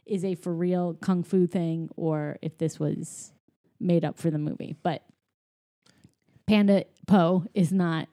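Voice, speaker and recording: A woman's voice: fairly low pitch, steady tone, slow, mellow. A woman casually recapping a movie in chat, retelling scenes with playful character voices.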